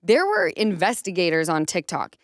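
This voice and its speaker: A woman in her thirties hosting a casual podcast, telling stories in an animated way and acting out what others said. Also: fairly low pitch, moderate pace, dry recording, clean studio sound. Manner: animated storytelling, acts out quotes. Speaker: podcast host.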